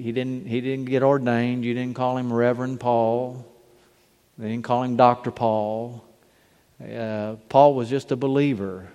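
A man preaching a sermon, slow and deliberate, lifting his voice when he reads scripture. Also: medium pitch, darkish tone. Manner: slow, deliberate preaching with rising emphasis on quotes. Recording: long hall reverb.

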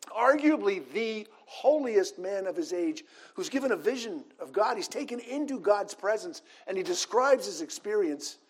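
A man preaching a sermon, reading scripture passages aloud in an earnest manner. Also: high-pitched.

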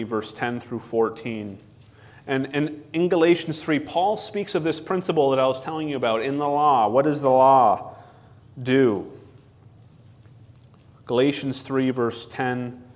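A man preaching a sermon, reading scripture slowly and deliberately, asking questions and answering them himself. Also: mid-range voice.

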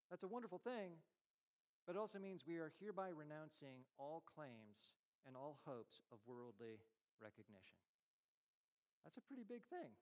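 Conversational pastor preaching, fairly high voice. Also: male voice. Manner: conversational, self-deprecating with frequent light laughs; dynamic, swings from emphatic to quiet and low. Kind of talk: sermon.

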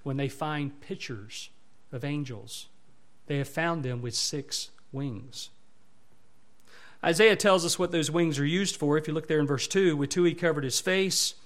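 A man, a pastor, preaching a sermon with emphatic delivery that swells louder on repeated words. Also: high voice.

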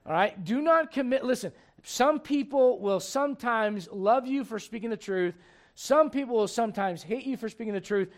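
A man preaching a sermon, his voice pitched high for a man. He talks in an emphatic, conversational way and keeps asking the congregation rhetorical questions. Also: normal speed.

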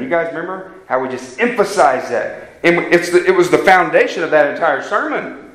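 A man's voice: fairly high pitch, lively intonation, normal speed, a bit bright. A man preaching a sermon, earnest and emphatic, putting direct questions to his congregation. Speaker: pastor. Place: church hall. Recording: echoey church room.

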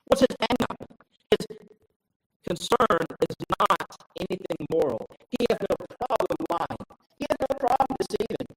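A man pastor preaching a sermon in an animated, emphatic way. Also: sits high, normal speed.

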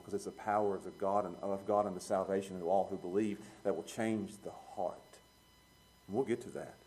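A man preaching a sermon, plain-spoken and chuckling, swinging from quiet low musing to loud emphatic peaks. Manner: plain-spoken, uses street talk and chuckles.

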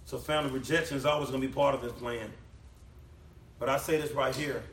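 A man preaching a sermon in a church hall, emphatic, swinging between loud declamation and low quiet passages. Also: steady tone, fast talker, recorded from a distance, slight background noise. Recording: echoey room, voice from off the mic.

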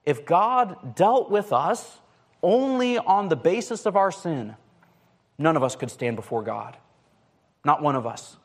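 Male preacher, slightly high-pitched, loose conversational delivery with lots of "like" and restarts. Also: very animated, unhurried. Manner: casual, with frequent "like" and restarts. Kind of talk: conversational sermon.

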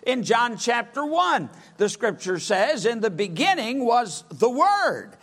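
A male preacher delivering a sermon, reading scripture in an emphatic, drawn-out way. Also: extremely high pitch, sing-song, fairly bright tone.

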